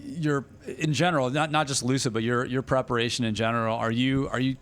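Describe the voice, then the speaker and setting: A man's voice: mid-range voice, steady tone, a little fast. A man hosting a casual podcast chat, easygoing, with loose phrasing and frequent laughter. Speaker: podcast host.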